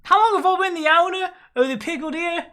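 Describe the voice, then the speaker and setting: A brash tavern keeper woman in her thirties, high and loud, blustering and stammering when caught off guard, put on by the game master. She sounds bright and forceful. Her speech is gruff and plain, right out of a tabletop game. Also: fast. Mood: chatty.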